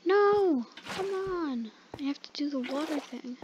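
A young woman gamer giving excitable, jokey live commentary and talking to her viewers as she plays. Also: high-pitched, moderate pace, dull audio, background noise.

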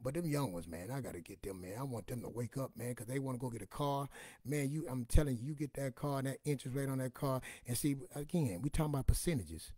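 A man gives a motivational talk full of personal stories. He speaks in a loose, colloquial way, swears casually, and sits at an ordinary pitch. The recording is close and dry. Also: fast, dark tone, no room sound. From Louisiana, US.

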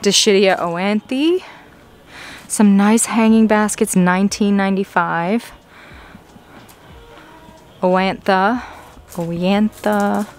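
A young woman filming a casual plant-shopping vlog in a nursery, gushing excitedly over the plants she finds. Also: mid-range voice, slow, soft background music. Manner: excited, gushing, frequent gasps. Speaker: plant vlogger.

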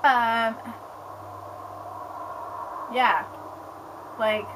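Excitable high-voiced young woman vlogger. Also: extremely slow, noisy background. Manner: excitable, rambling, peppered with "like". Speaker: book blogger. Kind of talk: casual vlog chat. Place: home with pets around.

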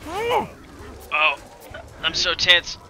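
A man streaming a video game, giving excitable commentary and yelling and groaning at what happens on screen. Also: medium pitch, moderate pace, faint music behind. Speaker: gaming streamer. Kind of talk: live gameplay commentary.

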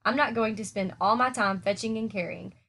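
A greedy male rat with a sneering, smug way of talking, as a woman reading a storybook aloud puts him on. He sounds pleased with himself and scornful of chores. The voice sits at a middle pitch for a woman. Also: fairly quick, pushed and bright, a little hiss or hum. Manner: sneering, self-satisfied.

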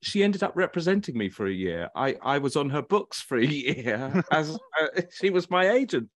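A man's voice: fairly high pitch, sing-song, normal speed, no room sound. A man, a writer and actor, chatting as an interview guest and telling stories with animation and chuckles. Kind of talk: casual chat on a video call.

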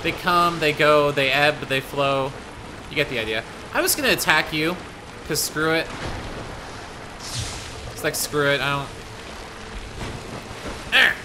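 A young man chatting to his viewers and reacting loudly while he streams a game, with frequent panicky outbursts. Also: fairly high pitch, expressive, measured pace, long pauses, noisy background. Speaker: gaming streamer. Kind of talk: live gameplay commentary. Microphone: desk microphone.

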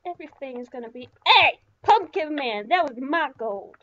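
A woman giving casual gameplay commentary, talking to herself and breaking into panicked yelps and shouts when startled. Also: sits high, animated, normal speed, background noise. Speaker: gaming YouTuber. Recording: slightly dull lo-fi sound.

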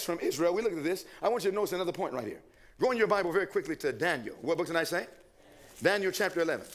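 A man's voice: high-pitched, a bit bright. A man preaching a sermon, asking the congregation questions, answering them himself and reading quotations aloud.

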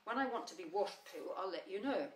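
A woman's voice: fairly low pitch, expressive, fairly quick, close to an everyday voice. A gloomy old donkey with a cold, dry, sardonic way of talking, as a woman reads him. He sounds dignified and put-upon. The storybook reading has a roomy, slightly distant sound with a faint hum.

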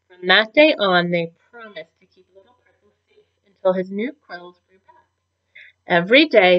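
A woman teacher reading a storybook aloud to children in an expressive, gentle voice. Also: medium pitch. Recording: dull lo-fi recording.

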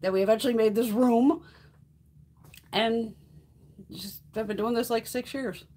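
A woman's voice: a little high, fairly even intonation, unhurried, mellow, slight background noise. A middle-aged woman chatting casually while hosting a beauty livestream, swearing freely and laughing often. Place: home makeup room.

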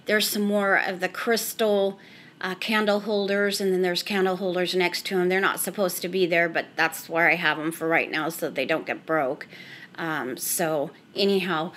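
A middle-aged home decor vlogger with a medium-pitched, sharp voice gives a casual tour of her family room. She's chatty and rambling, often saying "so anyhow," and films on a handheld camera she carries around.

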